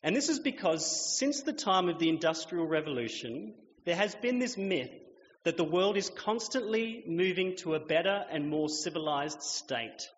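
A man in his thirties, a pastor telling a lively story in his sermon and acting out children's voices, recorded in a church. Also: sits high, moderate pace, slight background noise. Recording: echoey hall, dull lo-fi sound.

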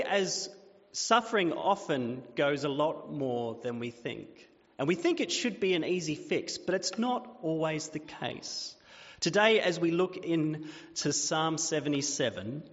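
A man, a pastor preaching a sermon and telling a family story in a lively way. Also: fairly high pitch. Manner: storytelling, animated. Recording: dull sound with long reverb, as in a church hall.

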